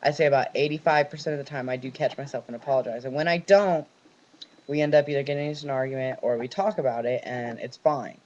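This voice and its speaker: A young man from California vents at his camera at home, cursing freely as one story runs into the next. His voice sits at an ordinary middle pitch. The sound is dull and lo-fi, like an old webcam mic. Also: steady tone, quick pace, a little mellow. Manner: ranting, heavy swearing, run-on storytelling. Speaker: vlogger. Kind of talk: venting personal vlog.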